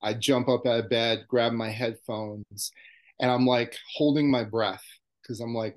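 A man in his fifties, from New York, telling a fan memory as a podcast guest in an excited, profane way. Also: medium pitch, unhurried. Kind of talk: casual storytelling.

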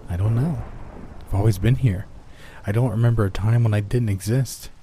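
A man voicing a calm, ageless soul-taking creature in a spoken horror story, solemn and matter-of-fact. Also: fairly low pitch, moderate pace, a little hiss or hum, natural voice. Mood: puzzled. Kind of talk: storybook reading.

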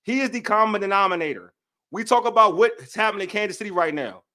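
A man's voice: high-pitched, animated, fast talker, sharp tone. A young man with a DC-area accent, co-hosting a sports show, venting heatedly and repeating himself for emphasis. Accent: DC-area American English. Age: young adult. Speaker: sports podcast co-host. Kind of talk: heated casual sports talk.

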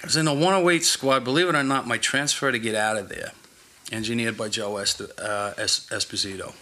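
A man's voice: medium pitch, fairly quick, sharp tone. A man, a former police officer telling blunt, profane stories in casual conversation. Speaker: retired police officer guest. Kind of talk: casual storytelling chat.

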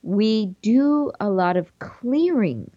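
A woman hosting a show, reading aloud from a book and reflecting on it in a gentle, thoughtful way. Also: on the high side, expressive, takes it slowly, no echo, muffled recording. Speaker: podcast host.

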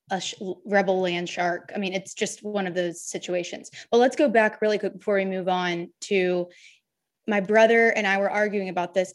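A young woman co-hosting a podcast, telling lively stories and mimicking people in raised voices. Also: mid-range voice. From Southern United States. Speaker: podcast co-host. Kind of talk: casual sports chat.

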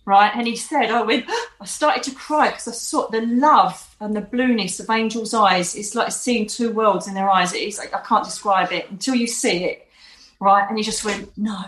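A woman, a medium telling stories with animated emphasis as an interview guest. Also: mid-range voice, moderate pace, echoey room, rough recording. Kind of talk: casual storytelling in an interview.

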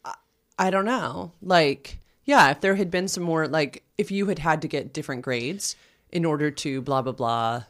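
A woman's voice: deep voice, normal speed. A woman co-hosting a podcast, asking thoughtful, probing questions in a conversational way. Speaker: podcast co-host. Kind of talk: conversational interviewing.

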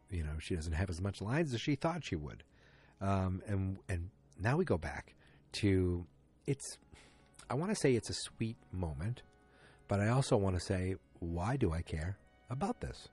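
A man's voice: sits low, normal speed, slightly rough, soft background music. Chatty man recapping a TV episode. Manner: rambling, animated, chatty asides to viewers. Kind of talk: casual spoken episode recap.

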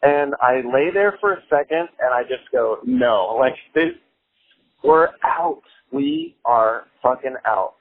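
A young man telling a casual anecdote, animated, laughing often and swearing casually, with many "like" fillers. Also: mid-range voice, slow. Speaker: storyteller. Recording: phone-like line with faint music.

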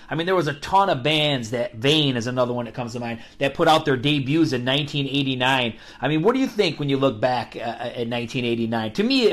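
A man's voice: mid-range voice, a bit bright. A man hosting an interview, casual and eager like a longtime fan of the music. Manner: enthusiastic fan, loose and chatty.

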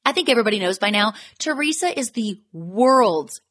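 A woman co-hosting a casual podcast, retelling scenes with lively acted-out quotes and frequent swearing. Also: on the high side, moderate pace. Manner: animated storytelling, acting out quotes, swears freely. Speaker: podcast co-host. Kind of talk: casual chat recapping reality TV.

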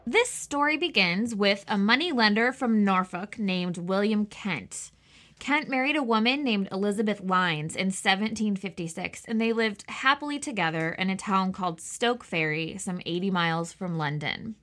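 Bright-voiced chatty woman podcaster. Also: mid-range voice, animated, normal speed. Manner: chatty, laughs easily, filler-heavy. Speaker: podcast co-host. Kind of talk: casual history podcast narration.

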